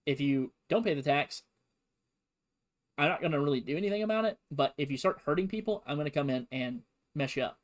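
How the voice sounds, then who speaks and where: Dude voicing a chill reasonable old general, folksy, measured. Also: male voice, a little high, animated, lightly acted. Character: calm, reasonable older male general and president.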